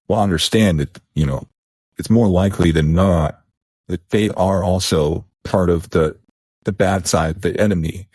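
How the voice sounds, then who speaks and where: A man's voice: low voice, moderate pace, darkish tone, husky, no echo, clean studio sound. A man co-hosting a podcast in casual chat, rambling and restarting his sentences. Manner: rambling, repeats words, restarts. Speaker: podcast co-host.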